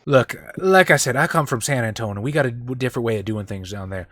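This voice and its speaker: A man's voice: mid-range voice, quick pace, a bit bright, dry recording, pitched below the performer's own voice, close to an everyday voice. A man voicing a blunt, wary country man, talking in an earnest, homespun way. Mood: warning.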